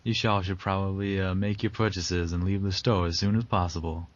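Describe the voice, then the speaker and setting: A man voicing a smooth male store announcer with a put-on Southern twang. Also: low-pitched, steady tone, fairly quick, highs cut off, close to an everyday voice.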